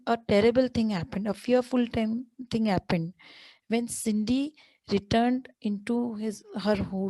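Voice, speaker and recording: A woman teacher reads a children's story to her class and pauses often to explain words in simple terms. Her voice is mellow and dark, with a middle pitch. She asks the class questions as she goes, and the recording is dry and close. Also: no room sound, low-quality recording. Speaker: English teacher.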